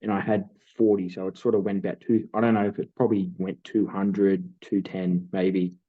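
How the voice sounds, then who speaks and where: A man's voice: low voice, little pitch movement, moderate pace. A man, co-hosting a podcast and telling a long story in casual chat, full of fillers. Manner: rambling storytelling with many fillers. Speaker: podcast co-host. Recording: tinny phone-like sound.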